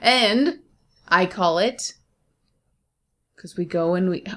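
A woman co-hosting a podcast in casual chat, talkative and animated and often laughing. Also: lowish voice, slow pace. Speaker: podcast co-host.

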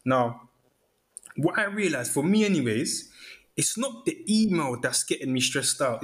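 A man chatting casually, acting out his inner thoughts in quoted asides. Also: fairly high pitch. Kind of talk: casual chat.

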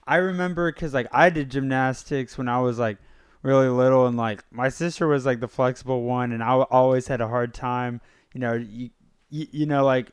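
A man's voice: mid-range voice, clean tone, no echo, clean studio sound. A young man chatting casually, hesitant and stumbling over his words. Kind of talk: casual chat.

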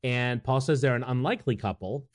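A man's voice: medium pitch, fairly quick. A man co-hosting a podcast in casual chat, laughing often and acting out quotes. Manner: animated, laughing, acts out quotes. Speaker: podcast co-host.

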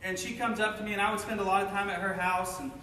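A man from Cincinnati sharing his personal testimony with an audience, telling it intensely and swinging between loud and hushed. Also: high-pitched, level tone, fast, slight background noise. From Cincinnati, USA. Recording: echoey hall, mic from far off.

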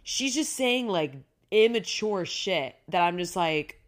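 A woman co-hosting a casual chat podcast, animated, laughing often and restarting her sentences. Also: lowish voice, slow pace. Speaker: podcast co-host.

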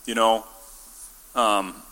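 A man's voice: lowish voice, fairly even intonation, drawn-out words, pushed and bright. Man preaching casually in a reverberant hall. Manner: casual and jokey, acts out quotes. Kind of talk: conversational sermon. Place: church.

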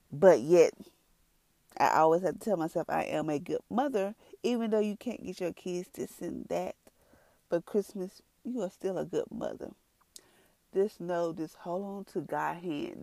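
A woman with a low, gravelly voice, telling her testimony to viewers. She talks earnestly and conversationally, acting out her own past reactions as she tells the story. The sound is dry and close. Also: darkish tone, no room sound. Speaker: mother sharing a testimony. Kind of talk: emotional personal testimony to viewers.

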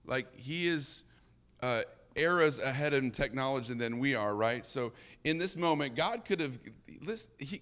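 A man preaching a sermon in a lively, conversational way, acting out the characters' dialogue. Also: medium pitch. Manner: animated, conversational, acts out dialogue.

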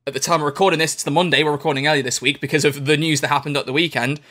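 Quick, bright-voiced male podcast host. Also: a little high, fairly even intonation. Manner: upbeat, joking and chatty. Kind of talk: casual podcast chat.

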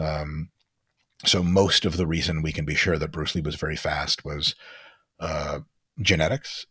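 A low-voiced man with a husky edge talks as a guest expert on a podcast. He explains in blunt, emphatic, lecture-like runs and drops in the odd swear word. The sound is dry and close. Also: a bit bright, dry recording. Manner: blunt, emphatic, sprinkles in profanity. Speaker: guest expert on training science. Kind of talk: podcast interview talk.

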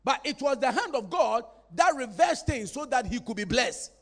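Very high-pitched man, lively preacher, teasing and rousing his congregation. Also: normal speed. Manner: animated, playful, calls for congregation response. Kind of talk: sermon.

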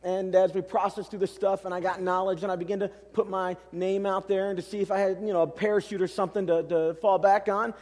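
A middle-aged male pastor with a fairly high voice tells a story from the pulpit, animated and self-deprecating, talking straight to the congregation. His voice rings out through a large church auditorium with a long reverb trailing after each phrase. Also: brisk, few pauses. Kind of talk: storytelling sermon.

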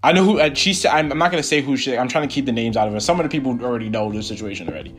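Brief young male podcaster, mid-pitched, swearing, rambling through a personal story, soft guitar underneath. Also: racing. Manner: animated, profane, rambling retelling with many fillers. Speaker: podcast host. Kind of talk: casual solo storytelling.

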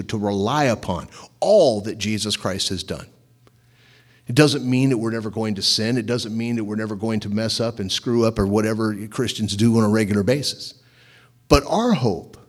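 Husky-voiced pastor preaching. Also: male voice, mid-range voice. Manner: animated, conversational preaching with rhetorical questions. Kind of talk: sermon.

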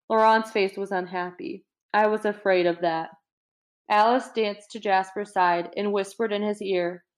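Woman, reading a novel aloud, casual, chatty asides, small stumbles. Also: mid-range voice. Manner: reads with light voicing, chatty asides, stumbles and laughs. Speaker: reader.

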